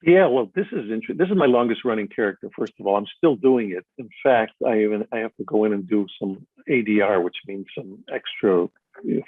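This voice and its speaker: A man's voice: on the low side, breathy edge, no echo. An older man from Chicago, an actor being interviewed live, telling stories in a rambling way with many fillers and restarts. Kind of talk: live stage interview, storytelling. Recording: tinny phone-like sound.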